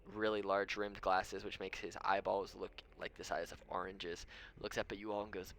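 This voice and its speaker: Bright low-voiced man narrating a tabletop game. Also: little pitch movement, moderate pace, gravelly, few pauses, a little hiss or hum. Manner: rambling, lots of ums, chuckles often. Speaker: game master.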